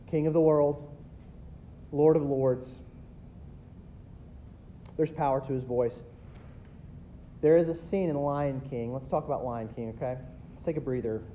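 A pastor in his thirties preaching a sermon, swinging between loud emphatic builds and quiet asides. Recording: dull lo-fi recording with faint rumble.

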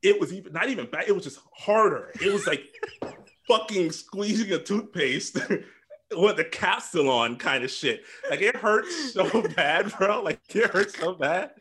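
A young man with a fairly high, bright voice that swings widely in pitch. He rambles through a crude personal story, swearing freely and breaking into laughs. His delivery is casual, loose and full of restarts. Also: expressive, measured pace, slight background noise. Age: young adult. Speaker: podcast host telling a story.

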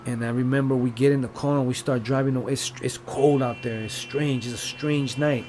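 This podcast guest, a man with a medium-pitched, slightly mellow voice, tells his life story at a normal speed with fairly even intonation. His casual storytelling is loose and rambling, packed with profane street slang and plenty of "like" and "you know." There's slight background noise.

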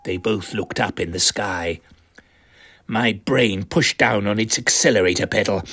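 A man with an English accent narrating a comic story as a pompous elderly gentleman adventurer who uses posh, old-fashioned slang. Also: fairly low pitch, normal speed, husky. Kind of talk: comic first-person narration.

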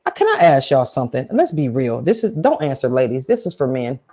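A woman's voice: rumbling low, sing-song, brisk, mellow, breathy edge. A woman co-hosting a casual podcast, talking frankly and sassily to listeners in speech. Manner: frank, sassy, addresses listeners directly. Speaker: podcast co-host.

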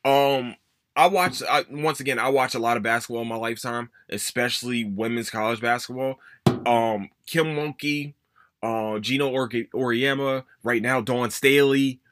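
A man hosting a casual sports podcast, ranting emphatically with plenty of swearing and sudden high-pitched emphasis. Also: normal speed, a bit bright. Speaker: podcast host.

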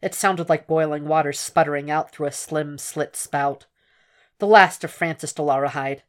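A woman narrating a fan fiction audiobook in a steady, hushed, intense reading voice. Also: sits low, moderate pace. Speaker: podfic reader.

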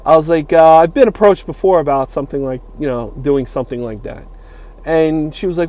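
A man's voice: fairly high pitch, brisk, a little mellow. A man in his forties telling a long personal story in a rambling, casual way, full of fillers and quoted dialogue. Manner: rambling, many fillers, acts out quoted lines. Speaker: utility worker telling a story.

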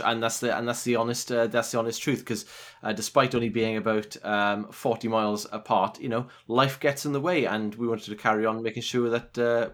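A man co-hosts a podcast and speaks quickly at a medium pitch. He is enthusiastic and tends to ramble through his points. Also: fairly bright tone. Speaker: podcast co-host. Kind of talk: casual chat.

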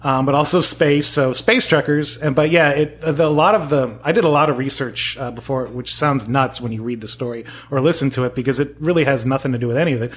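A man's voice: mid-range voice, fairly quick, few pauses. A man in his forties chatting as an interview guest, rambling and self-mocking, laughing often. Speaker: guest, audio drama maker. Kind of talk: casual interview chat.

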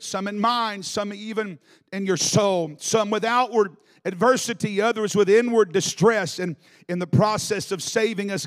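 A male preacher giving a live sermon in a church, moving from quiet teaching to shouted exhortation. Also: high voice. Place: church in Alabama.

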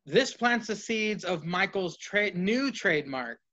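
A man's voice: sits high, lively intonation, measured pace, pushed and bright. A man co-hosting a casual wrestling podcast, rambling and profane, acting out what the wrestlers would say. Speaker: podcast co-host. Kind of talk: casual chat, wrestling fantasy booking. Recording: dull lo-fi podcast audio.

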